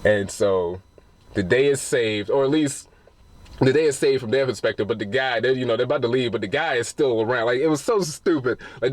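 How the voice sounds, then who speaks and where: A man's voice: medium pitch, no echo. A man giving a casual, rambling spoiler review of a film, retelling scenes with plenty of swearing.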